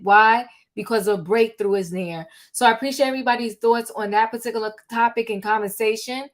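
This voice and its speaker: A woman's voice: fairly high pitch, steady tone, brisk, few pauses. An older woman hosting a live online chat room, talking casually and earnestly with plenty of fillers. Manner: chatty, earnest, lots of fillers. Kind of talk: casual live talk show. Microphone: online audio room.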